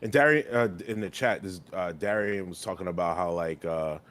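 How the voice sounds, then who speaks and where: A man's voice: deep voice, normal speed, fairly bright tone. A young man co-hosting a podcast in casual, profane chat, rambling and getting heated when riled up. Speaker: podcast co-host and streamer.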